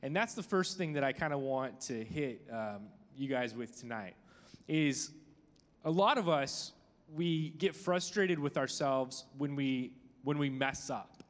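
A man's voice: mid-range voice, lively intonation, unhurried. A man in his thirties preaching to a group, telling a personal story in a chatty, self-deprecating way with many fillers. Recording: long hall reverb.

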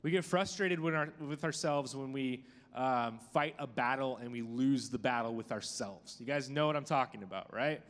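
A man's voice: medium pitch, moderate pace. A man in his thirties preaching to a group, telling a personal story in a chatty, self-deprecating way with many fillers. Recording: long hall reverb.

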